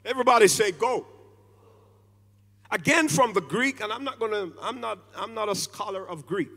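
High-voiced preacher in a reverberant church. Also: male voice. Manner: preaching with sudden loud stressed words and drawn-out phrases; calls on the congregation to respond. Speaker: pastor. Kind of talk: sermon. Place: church sanctuary.

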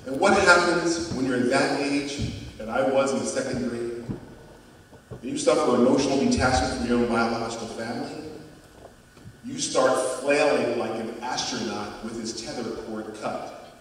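A man's voice: medium pitch, normal speed, a little hiss or hum. 50s guy giving an emphatic story talk at a school, long hall echo. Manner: dramatic, emphatic, big shifts in loudness. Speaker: guest speaker. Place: school auditorium. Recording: echoey hall from far off.

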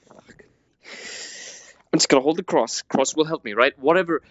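A man's voice: on the high side, fairly bright tone, no room sound. A man commentating a VR horror game, jumpy and panicky, swearing and muttering to himself as he plays. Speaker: gamer playing a VR horror game. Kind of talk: let's play commentary. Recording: dull lo-fi dry recording.

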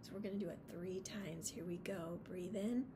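Gravelly-voiced woman teacher, gentle and patient. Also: lowish voice, steady tone, moderate pace, background noise. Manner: gentle, patient, encouraging, speaks simply to small children. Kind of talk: morning meeting lesson for young children.

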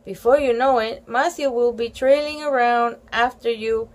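A woman voicing a kind mother of a new baby in a storybook, speaking gently and reassuringly. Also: on the high side, fairly even intonation, moderate pace, close to an everyday voice.

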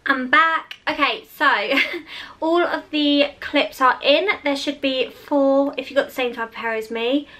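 Young woman, bubbly and chatty, laughs a lot; beauty vlog tutorial read with a crisp, bright tone. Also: sits high, a little slow. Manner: chatty, giggly, lots of fillers. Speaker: beauty vlogger. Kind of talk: casual hair tutorial and Q&A.

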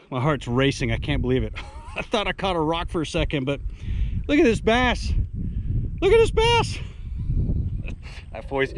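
Animated outdoorsy man, lively pitch. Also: slight background noise. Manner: exclamatory, talks straight to the viewers. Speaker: fishing vlogger. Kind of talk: casual outdoor vlog talk to viewers. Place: outdoors on a reservoir shore.

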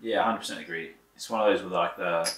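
A man chatting casually as a guest, telling stories with animated energy and a fair bit of swearing. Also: deep voice, fast. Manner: swears freely, animated storytelling. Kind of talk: casual chat. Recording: echoey room, mic at a distance.

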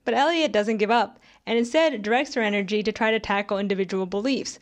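A woman's voice: medium pitch, fast talker. A young woman reading a scripted video essay in a critical, conversational way, with sarcastic asides.

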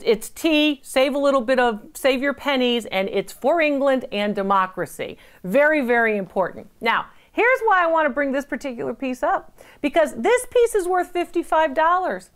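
A middle-aged woman from the United States, an antiques appraiser giving chatty, emphatic tips and digressing into anecdotes. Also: fairly high pitch.

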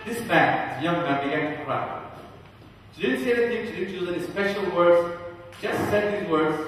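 A man's voice: on the high side, fairly bright tone, slight background noise. A male pastor giving a sermon, telling a story earnestly and building to fervent emphasis. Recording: echoey hall from far off.

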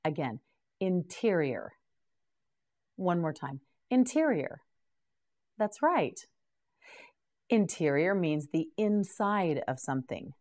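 A middle-aged woman teaching English vocabulary, saying each word several times and praising the learner. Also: fairly low pitch. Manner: patient, encouraging, repeats each word slowly. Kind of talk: slow scripted pronunciation drill.

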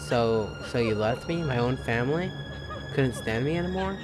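A man's voice: mid-range voice, expressive, moderate pace, over music, natural voice. A man voicing a confused elderly mother who accuses her son of abandoning her, reading her lines in a wounded, raised voice. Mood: hurt.

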